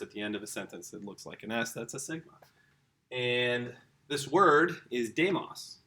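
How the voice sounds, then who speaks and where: Bright-voiced enthusiastic male teacher. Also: mid-range voice. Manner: enthusiastic, chatty, addresses the kids directly. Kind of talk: informal home-school lesson.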